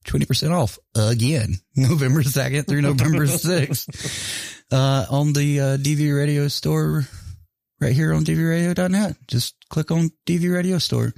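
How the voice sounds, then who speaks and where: A man with a gravelly, mid-range, darkish voice hosts a casual podcast with no room sound, laughing often and swearing casually. He tells stories and reads an ad plugging a store.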